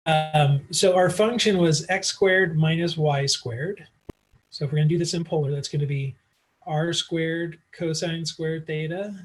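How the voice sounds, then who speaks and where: A man teaching math in a casual online lecture, working through problems aloud with frequent fillers, recorded on a computer mic. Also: on the high side. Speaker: math instructor.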